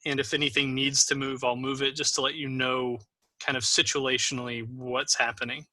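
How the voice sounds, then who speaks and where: Bright-voiced man running a tabletop game. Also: medium pitch, level tone, normal speed, no echo. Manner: patient, encouraging, with frequent ums. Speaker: game master. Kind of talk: explaining a tabletop game to new players.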